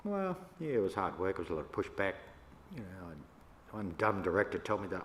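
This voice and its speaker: An older Australian man, a First Nations elder, telling stories to an audience in a relaxed, yarning way with laughs between them. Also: lowish voice, normal speed. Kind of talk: storytelling talk to an audience. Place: church hall. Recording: echoey hall, faint room noise.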